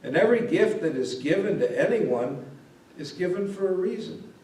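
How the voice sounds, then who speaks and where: A man voicing a great, gentle and wise male silver wolf who speaks softly and deliberately, in a storybook tale. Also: high-pitched, lively intonation, voice pushed up. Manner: slow, deliberate, soft-spoken. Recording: roomy echo, mic at a distance.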